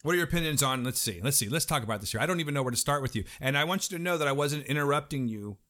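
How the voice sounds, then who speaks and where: A man's voice: on the high side, expressive, racing, sharp tone. A man in a casual movie chat, joking and laid-back.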